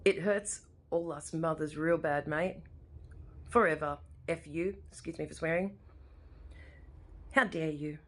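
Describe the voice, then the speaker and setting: A woman's voice: low voice, fairly even intonation, a little slow. An Australian woman in her forties, talking straight to camera at home in an impassioned, rambling way that often repeats itself. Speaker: vlogger. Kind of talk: emotional personal monologue. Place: living room at home.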